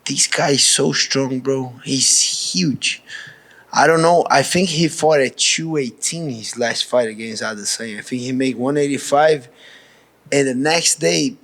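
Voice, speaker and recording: A man's voice: medium pitch, unhurried, fairly bright tone. Frank Brazilian-accented man talking casually. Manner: casual, frank, restarts often, says "bro". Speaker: professional fighter. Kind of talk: pre-fight media interview.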